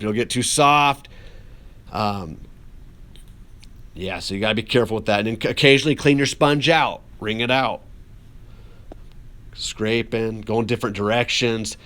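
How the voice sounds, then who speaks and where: At a normal speed and medium pitch, slightly bright, a man teaches pottery while shaping clay. His casual demonstration is cheerful and encouraging as he talks his students through the work.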